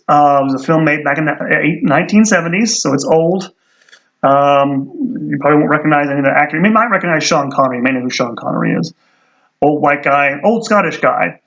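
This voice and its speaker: Male history lecturer, a bit high-pitched, loose and rambling, wry, muffled recording. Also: a bit bright. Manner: rambling, many fillers and restarts; wry asides.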